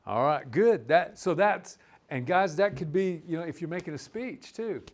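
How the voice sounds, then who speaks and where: A man teaching a live language class, explaining words in a relaxed, rambling way with many restarts. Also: fairly high pitch, normal speed.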